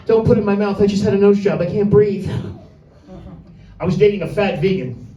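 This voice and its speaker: A man's voice: high voice, brisk, mellow, dull audio. Brash, vulgar male stand-up in an echoey room. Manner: brash, vulgar, rambling with crowd asides. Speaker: stand-up comedian. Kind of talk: crude stand-up set. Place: small comedy room with few people. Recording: echoey room, mic from a distance.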